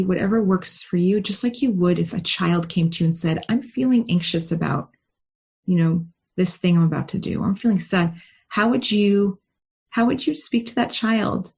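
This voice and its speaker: A woman rabbi leading a guided meditation and teaching, with a gentle, unhurried guiding tone. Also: fairly low pitch, fairly even intonation, vocal fry, husky. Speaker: rabbi leading a study session.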